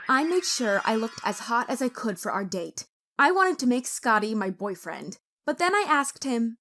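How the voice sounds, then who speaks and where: A woman reads a first-person story in a dramatic, expressive way. Her voice is high and swings a lot. A faint hiss is heard behind her. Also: normal speed.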